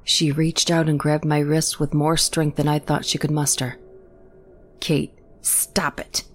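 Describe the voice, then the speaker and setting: A woman reading a first-person horror story in a measured, steady way. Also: low-pitched, a little hiss or hum. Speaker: narrator. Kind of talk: scripted horror narration.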